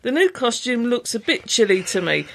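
A woman co-hosting a podcast, reading out listener letters in a brisk, opinionated way. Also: a little high, big pitch swings, gravelly. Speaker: podcast co-host.

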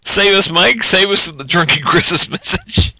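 A man's voice: sits high, moderate pace, pushed and bright, highs cut off. A man giving a joking, tipsy holiday greeting as a podcast guest, giggly and singsong.

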